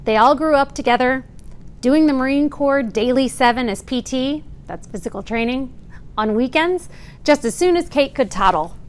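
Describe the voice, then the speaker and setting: A woman in her forties with a fairly high voice reads a prepared testimony. She speaks earnestly and steadily, and now and then she adds a dry, wry aside. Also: animated, normal speed, clean tone. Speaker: Marine veteran giving testimony. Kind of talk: prepared speech read aloud.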